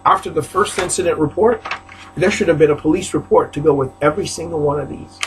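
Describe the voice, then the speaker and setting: A man's voice: a little high, quick pace, faint music behind, low-quality recording. A man from Haiti ranting to camera in his apartment, aggrieved and repetitive, often rising into outbursts. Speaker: preacher. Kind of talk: agitated video rant. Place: apartment, indoors.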